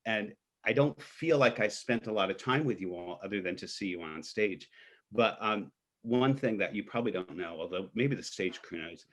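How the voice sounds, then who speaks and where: A man's voice: lowish voice, a bit bright. A man reminiscing candidly about acting in a stage show, chatting casually on a video call. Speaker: actor in the show.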